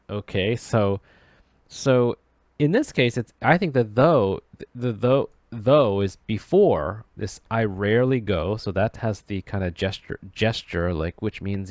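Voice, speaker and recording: A man explains English grammar off the cuff, halting often to restart and correct himself while he hunts for the right words. His lowish voice has a darkish tone, recorded dry.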